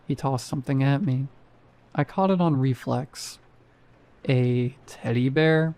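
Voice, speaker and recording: A man's voice: mid-range voice, unhurried, darkish tone, clear, resonant tone. A man reading a first-person horror story aloud, dropping wry, sarcastic asides.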